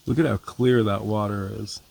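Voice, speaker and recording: A man from Nevada vlogging from his kayak on a lake, talking in a relaxed, rambling way and marveling at the scenery. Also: on the low side, normal speed, vocal fry, a little hiss or hum. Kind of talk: casual outdoor vlog narration.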